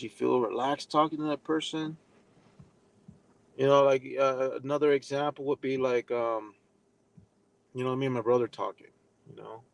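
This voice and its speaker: A man's voice: mid-range voice, clean tone, no room sound. A man giving a casual live lesson, rambling with many fillers and speaking bluntly, with some profanity. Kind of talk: casual live-stream talk.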